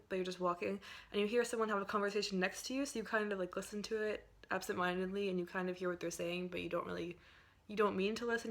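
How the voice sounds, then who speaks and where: A young woman from Pennsylvania talking to camera in a casual, rambling vlog, full of fillers and hedges. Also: medium pitch. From Pennsylvania, USA. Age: young adult. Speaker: vlogger.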